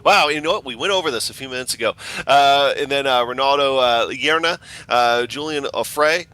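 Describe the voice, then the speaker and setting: A man commentating a sim race, talking haltingly with many fillers as he reads out driver names. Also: medium pitch, bright, forceful tone, no room sound. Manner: halting, lots of fillers, stumbles over names. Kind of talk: sim racing broadcast commentary.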